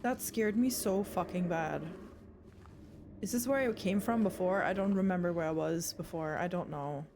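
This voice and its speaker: A woman's voice: fairly low pitch, moderate pace, noisy background. A young woman streaming a horror game live, rambling, swearing and screaming in fright, with a throat sore from screaming.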